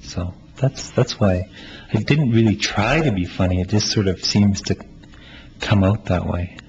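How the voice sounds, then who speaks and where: Low-voiced thoughtful playwright, a man. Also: a little mellow. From Canada. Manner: thoughtful, halting with restarts, laughs often. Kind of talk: interview answers. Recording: slightly muffled with faint hiss.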